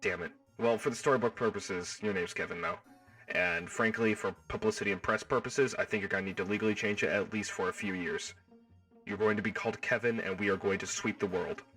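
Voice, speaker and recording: A man hosting a livestream, chatting casually with his viewers in an excitable, rambling way and riffing on the same joke over and over, his voice stuffed up and hoarse. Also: lowish voice, brisk, distant mic, faint music behind. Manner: excitable, rambling, riffs and repeats himself. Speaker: livestream host. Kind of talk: casual chat with live viewers.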